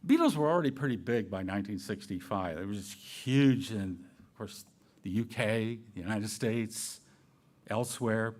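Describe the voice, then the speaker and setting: A man's voice: fairly low pitch, expressive, normal speed, darkish tone. A man giving a sermon-style church talk, asking the audience questions and adding playful, jokey asides. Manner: asks the audience rhetorical questions. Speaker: church speaker.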